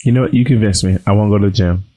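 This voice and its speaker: Subdued campy man, low voice. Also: very fast, warm tone. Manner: campy, sassy slang. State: subdued voice recovering from surgery. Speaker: podcast co-host. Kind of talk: casual chat.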